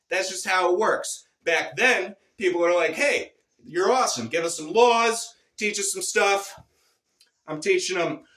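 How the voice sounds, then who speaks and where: A man telling a rambling, profane and boastful absurd story in a deadpan comic monologue. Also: high voice, echoey room, recorded from a distance. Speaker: comedic storyteller.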